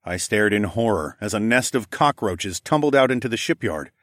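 A man narrates a first-person adventure story in a low, steady voice. He keeps an even storytelling pace, recorded close and dry. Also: normal speed, dry recording. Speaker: audiobook narrator.

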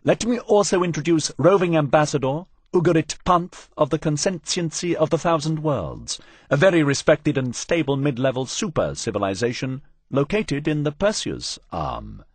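A man voicing a smooth male host who introduces guests briskly and teases his friend. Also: fairly high pitch, no echo, pitched above the performer's own voice. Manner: brisk, teasing, lively.

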